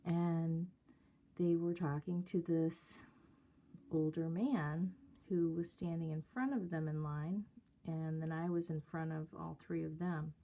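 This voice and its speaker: Slow, mellow woman telling a story. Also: low-pitched, fairly even intonation, gravelly. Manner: hesitant, many fillers. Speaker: vlogger. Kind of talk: casual storytelling.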